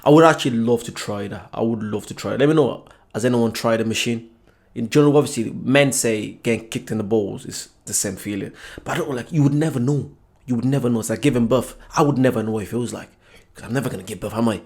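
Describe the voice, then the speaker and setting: Play a man talking straight to his viewers in a reaction video. He rattles along quickly, casual and chatty, and circles back over the same point. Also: medium pitch, a little mellow. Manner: chatty, repeats himself, speaks to the audience.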